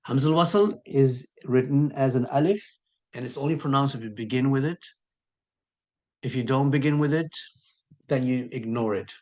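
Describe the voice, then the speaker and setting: A man teaching a recorded lesson who patiently repeats key sounds and draws words out slowly for emphasis. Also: medium pitch. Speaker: Arabic teacher.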